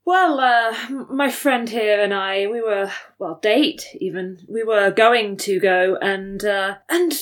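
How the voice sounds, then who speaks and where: A woman's voice: mid-range voice, slow, few pauses, lightly acted. A woman voicing a polite, showy young man in fine clothes who hesitates often in a tabletop game. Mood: hesitant. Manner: polite, hesitant, mildly boastful.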